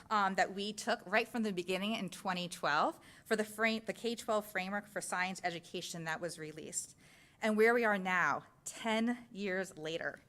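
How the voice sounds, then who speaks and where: A woman's voice: medium pitch, a bit bright. Woman presenting science curriculum to a board. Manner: explanatory, walks through slides step by step. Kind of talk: presentation at a school board meeting. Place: public meeting room.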